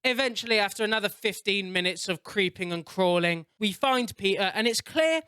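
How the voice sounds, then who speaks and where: A man doing excitable, sweary gameplay commentary and narration, laughing often. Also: high-pitched, moderate pace, smooth, no echo, studio quality. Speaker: gaming YouTuber.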